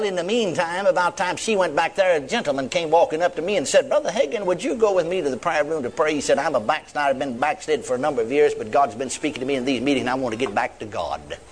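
An older man, preaching a sermon in a folksy storytelling way and acting out the people in his story. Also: on the high side.

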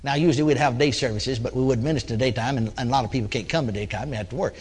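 A man's voice: medium pitch, racing, slightly rough. A man preaching in a folksy storytelling sermon, acting out his talks with people who came for prayer and chuckling between points. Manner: folksy, acts out dialogue with congregants.

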